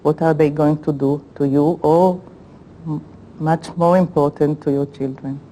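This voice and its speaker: Low, dark-voiced woman recalling, halting. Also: fairly even intonation, slight background noise, poor audio. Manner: halting, emotional. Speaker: interviewee, former hostage. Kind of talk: interview recollection.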